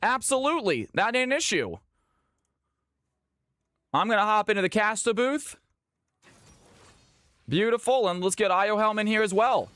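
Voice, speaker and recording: A man's voice: sits high, lively intonation, normal speed, long pauses, a bit bright, no echo. A man from Georgia in the US, hosting a live stream and calling custom games with a hyped announcer delivery. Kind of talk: live game commentary.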